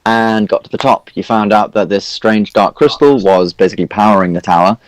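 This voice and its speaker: A man's voice: lowish voice, fairly quick, no echo, rough recording. A man recapping a tabletop game as dungeon master, rambling with fillers and correcting himself.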